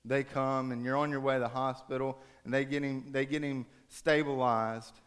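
A man preaching a sermon, telling a story dramatically, rising to urgent raised passages and dropping to hushed soft ones. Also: mid-range voice, flat delivery, normal speed, clean tone.

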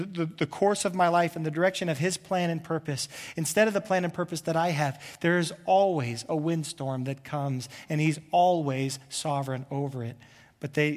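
A man preaching a sermon as pastor, telling stories and acting out what people say. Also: fairly high pitch. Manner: animated storyteller, acts out quotes. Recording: hall reverb.

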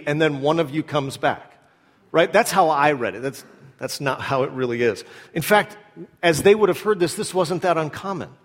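A man delivers a sermon with a fairly high voice, telling a story in an animated way and dropping his voice to act out the speakers he quotes. His words ring out with the long reverb of a large hall. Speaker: pastor.

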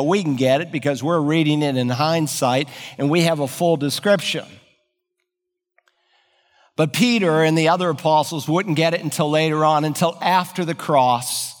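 A man's voice: on the high side, long reverb tail. A man preaching an expository sermon, explaining Greek word order and building to emphatic peaks. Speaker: pastor.

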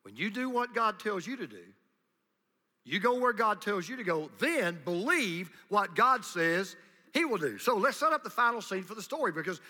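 A man preaching a sermon as pastor, swinging from hushed asides to loud, emphatic declarations. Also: high voice, very animated, normal speed. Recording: long reverb of a large hall.

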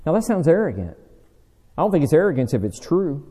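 A fairly high, warm voice with big pitch swings moves fairly quickly as this man preaches a conversational Bible-study sermon. The large hall lends long reverb; he's chatty, quizzes his listeners, and pokes fun at himself dryly.

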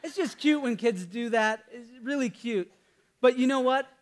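A man's voice: extremely high pitch, expressive, normal speed. A man in his thirties, a pastor, preaching a sermon in a conversational storytelling way, with fillers and restarts.

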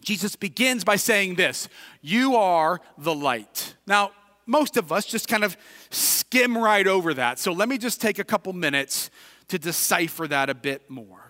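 High, bright-voiced Midwestern pastor preaching. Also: male voice, normal speed. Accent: Midwestern American. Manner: builds from quiet reflection to shouted emphasis. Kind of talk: sermon. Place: church sanctuary. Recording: reverberant hall, distant at times.

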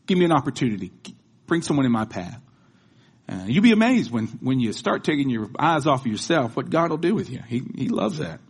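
Husky-voiced man preaching a sermon. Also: fairly high pitch. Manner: conversational preaching that builds into rhythmic proclamation. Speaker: pastor.

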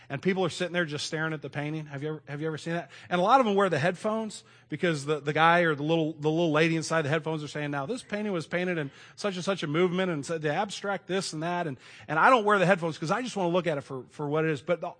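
Man, middle-aged, pastor, sermon, conversational, swings from quiet to emphatic, slightly high voice. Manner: conversational, varies volume from loud emphasis to hushed.

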